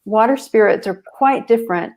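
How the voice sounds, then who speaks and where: A woman appearing as a guest on a podcast, explaining her views in a thoughtful, measured way. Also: a little high, darkish tone. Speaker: guest author. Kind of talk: casual podcast chat.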